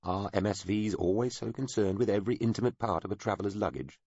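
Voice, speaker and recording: A man voicing a cool, guarded female agent who answers tersely and wryly, in a low husky tone. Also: quick pace, mellow, dry recording, dull audio. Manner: dry, terse, wry.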